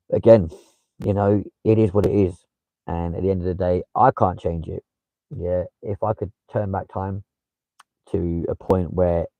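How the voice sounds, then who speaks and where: A man's voice: low-pitched, gravelly, mellow, dry recording, poor audio. A young man with a London accent chatting casually on a livestream, swearing freely and replying to viewers. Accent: London English. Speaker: livestream host.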